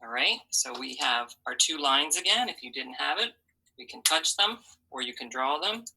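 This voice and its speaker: A woman's voice: deep voice, big pitch swings, normal speed, pushed and bright, breathy edge, rough recording. A woman teaching a phonics lesson to children, patiently sounding out letters and syllables and encouraging them.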